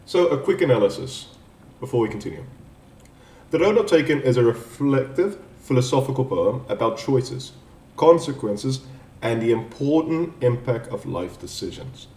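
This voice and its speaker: Mellow man explaining a poem, echoey. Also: mid-range voice, sing-song. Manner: explanatory, halting, with restarts. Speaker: student presenter. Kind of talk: spoken poem analysis for an assignment. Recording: echoey room, distant mic.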